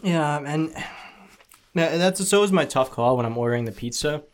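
A man's voice: fairly high pitch, animated, normal speed. A man co-hosting a casual podcast, jokey and playful, swearing casually while eating pizza. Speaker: podcast co-host.

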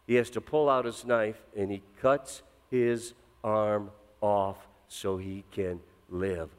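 A middle-aged man preaching a sermon as pastor, swinging from loud emphatic lines to low, intense drops. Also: measured pace, clean tone. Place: church sanctuary. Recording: long reverb of a church hall.

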